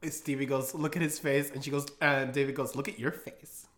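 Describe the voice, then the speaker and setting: A woman's voice: rumbling low, level tone, brisk. A woman co-hosting a casual chat about a TV episode, gushing with enthusiasm and laughing often. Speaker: podcast co-host.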